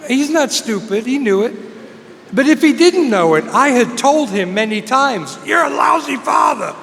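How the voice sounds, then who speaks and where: A man's voice: very high-pitched, animated, unhurried, a bit bright. A middle-aged man, earnestly sharing his personal story as a speaker at a recovery meeting in a large hall. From England. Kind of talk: personal testimony talk. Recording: long hall reverb, faint noise.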